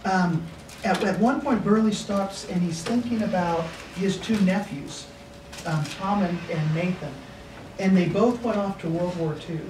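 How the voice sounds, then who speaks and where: Speaking at a measured pace in a high voice, a middle-aged pastor chuckles his way through folksy, homespun stories at a seminar. The sound is noisy, captured from afar in an echoey seminar room.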